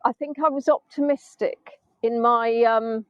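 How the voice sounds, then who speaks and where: A middle-aged woman with a high, bright voice, rambling cheerfully to her online viewers. She hosts a live tour outdoors in the dunes. The sound is dull and close, like a phone stream. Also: steady tone, measured pace, dry recording. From England. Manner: chatty, self-mocking, breaks into snatches of song. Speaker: virtual tour guide. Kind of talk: casual live-stream chat. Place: outdoors in sand dunes by the sea.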